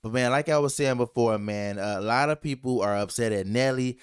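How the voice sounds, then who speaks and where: A man's voice: medium pitch, a little fast, clear, resonant tone, no room sound, studio quality. A man co-hosting a podcast in casual chat, talking in rambling, emphatic runs. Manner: rambling, emphatic, laughs a lot. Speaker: podcast co-host.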